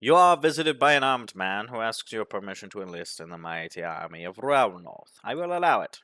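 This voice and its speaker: Dude reading game text out loud, deadpan, dry close mic. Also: male voice, lowish voice, fairly quick, dry recording. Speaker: gaming commentator. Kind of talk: game playthrough commentary.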